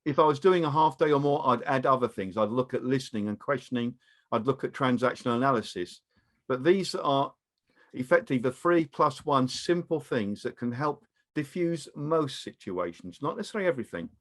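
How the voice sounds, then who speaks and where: Speaking at a medium pitch, a man with a British accent gives calm, measured advice while presenting a training webinar over a video call.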